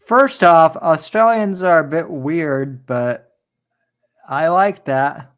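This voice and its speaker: Male host with a fairly high voice, slow, hesitant and easygoing. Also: a bit bright, clean tone. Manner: easygoing, hesitant, many fillers. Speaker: show host. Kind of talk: casual online show chat.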